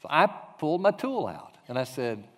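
A man's voice: a little high, very animated. Man teaching in a reverberant hall. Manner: conversational storyteller, halting with fillers and restarts. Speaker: pastor leading an evangelism training class. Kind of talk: teaching talk with a personal anecdote.

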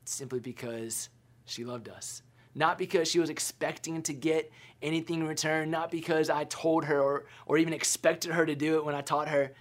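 A man in his thirties preaching a sermon as pastor, telling stories conversationally with stammered restarts and quiet, softened key lines. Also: on the high side, fairly even intonation, moderate pace. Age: 30s.

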